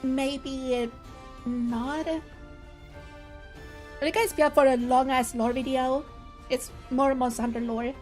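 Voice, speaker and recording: A woman's voice: high voice, fairly even intonation, slow, pauses often, a little mellow, soft background music. A woman streamer chatting casually while reacting to videos, laughing often and musing aloud.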